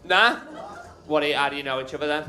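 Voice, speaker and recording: Brash, high-voiced man doing stand-up. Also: quick pace, bright, forceful tone. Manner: brash, sweary banter with the audience. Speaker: stand-up comedian. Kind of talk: live stand-up crowd work. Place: comedy club stage with a live audience. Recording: live club recording with crowd.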